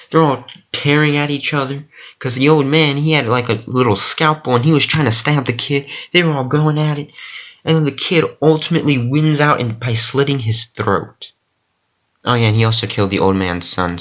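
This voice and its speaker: A man in a casual vlog, recounting a story in an excitable, rambling way, full of fillers and swearing. His voice sits at an ordinary middle pitch. The sound is dull and lo-fi, like a cheap home mic. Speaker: vlogger recounting dreams.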